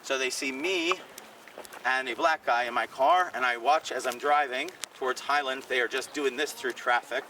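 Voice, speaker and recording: A man's voice: medium pitch, moderate pace, distant mic, background noise. A comedian telling stories in casual talk on a city walk, acting out the voices of the people he quotes. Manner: animated, acts out quoted voices. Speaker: comedian and podcast co-host. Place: outdoors on city streets.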